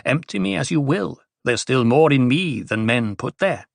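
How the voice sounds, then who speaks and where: A man's voice: mid-range voice, animated, normal speed, gravelly, no echo. Bijaz, a man doing a riddling dwarf jester. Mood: wheedling. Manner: punning, singsong riddles.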